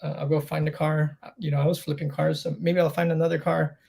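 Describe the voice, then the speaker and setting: A man's voice: a little high, flat delivery, brisk, gravelly, a little mellow, husky. A middle-aged man as a podcast guest, telling his own story candidly and acting out the dialogue with rising intensity. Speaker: interview guest.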